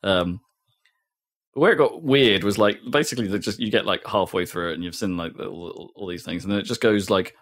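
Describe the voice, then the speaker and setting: A man's voice: low voice, a little fast, fairly bright tone. A man co-hosting a podcast, telling a rambling, laughing story in casual chat. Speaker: podcast co-host.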